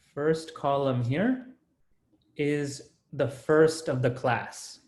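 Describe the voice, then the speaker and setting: A man's voice: fairly high pitch, expressive, takes it slowly, roomy sound. A man teaching an online class, explaining rules step by step and often checking in with the students. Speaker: Sanskrit teacher.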